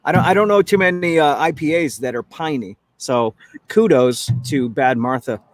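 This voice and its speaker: A man with a fairly high voice hosts a casual talk show over drinks. He rambles and corrects himself mid-sentence. The recording is close and dry. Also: normal speed, dry recording, soft background music. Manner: chatty, rambling, self-correcting. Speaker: show host.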